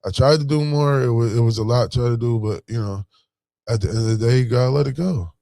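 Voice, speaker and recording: Dark-toned and edged with vocal fry, this mid-range male voice moves at a quick pace. He's a vlogger from Buffalo, New York, speaking in a Buffalo accent through a casual, slangy motivational talk full of "you know what I'm saying." The audio is studio quality with no room sound.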